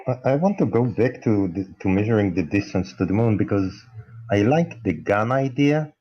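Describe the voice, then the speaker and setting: A man in an online debate, speaking haltingly and thinking aloud as he makes his point. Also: lowish voice, animated, dull audio. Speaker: debate panelist.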